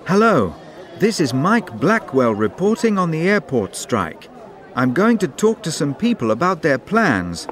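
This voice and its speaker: A man's voice: on the high side, very animated, a little slow, fairly bright tone, a faint crowd. A man acting as a polite, helpful shop assistant and reporter in a scripted textbook dialogue.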